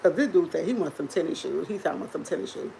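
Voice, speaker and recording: A woman hosting a livestream, telling a funny story to her viewers in an animated, chatty way and laughing often. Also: fairly low pitch, quick pace, gravelly, slight background noise, rough recording. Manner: drinks coffee while talking. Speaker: livestream host.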